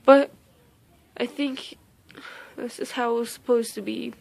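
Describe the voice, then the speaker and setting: Halting, emotional young woman with a gravelly voice. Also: a little high, fairly even intonation, darkish tone. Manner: halting, many fillers and restarts. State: emotional, close to tears. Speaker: vlogger. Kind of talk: casual storytime vlog.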